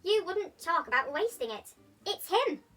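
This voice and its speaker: A woman's voice: very high-pitched, big pitch swings, unhurried, fairly bright tone, recorded from a distance, pitched above the performer's own voice, exaggerated voice. A woman doing a huffy, theatrical Mad Hatter. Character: mad, contrary male hatter at a tea party.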